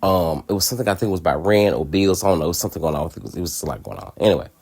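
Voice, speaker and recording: A man's voice: low-pitched, racing, darkish tone, breathy edge. A man hosting a podcast, telling a personal story in a candid, profane way and laughing often. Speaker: podcast host.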